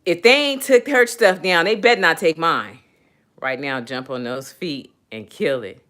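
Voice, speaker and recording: A woman hosting a casual livestream, reading chat comments aloud and laughing loudly between remarks. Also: sits low, measured pace. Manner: loud laughing, playful, animated. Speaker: livestream host.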